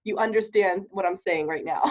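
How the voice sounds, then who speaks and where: A woman's voice: medium pitch, normal speed. Chatty woman coaching, dull lo-fi sound. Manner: chatty, laughs often, checks in with "okay?" and "right?". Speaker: network marketing trainer. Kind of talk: casual training talk to camera. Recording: dull lo-fi recording.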